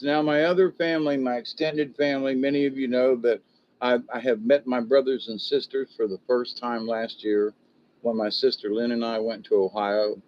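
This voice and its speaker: A man's voice: medium pitch, lo-fi sound. An older man venting and rambling on a casual livestream, stopping to greet viewers and read their comments. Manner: frustrated, rambling, self-interrupting.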